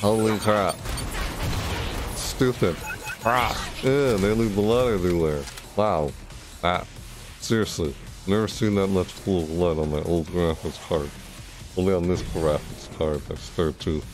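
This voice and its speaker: A man's voice: sits low, measured pace, music in the background. A man streaming a shooter game, talking to himself in casual commentary with frequent startled yelps and groans. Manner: excitable, yelps and self-talk.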